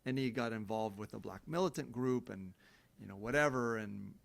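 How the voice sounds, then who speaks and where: A middle-aged man delivers an unscripted, blunt and profane self-help monologue, erupting into heated, emphatic rants and mocking others with sing-song quoted voices. His voice is on the low side and creaky, at a normal speed.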